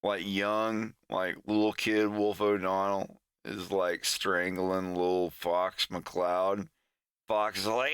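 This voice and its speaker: A man's voice: lowish voice, little pitch movement, slow, bright, forceful tone, clear, resonant tone, no room sound. A male streamer in casual chat, joking crudely and breaking into laughter, on a close desk mic.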